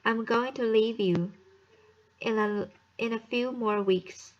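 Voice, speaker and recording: A woman voicing gentle dying girl, earnest and loving, slow halting delivery, dull lo-fi sound. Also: a little high, fairly even intonation. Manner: slow, halting reading with restarts.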